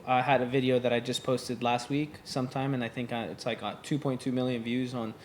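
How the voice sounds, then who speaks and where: A man's voice: medium pitch, a little hiss or hum. Laid-back man hosting a podcast. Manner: relaxed, conversational, quick backchannel replies. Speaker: podcast host. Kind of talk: casual podcast interview.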